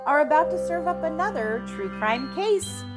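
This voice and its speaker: A woman's voice: sits high, lively intonation, normal speed. A woman reading a scripted podcast intro in an upbeat announcing manner. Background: faint music.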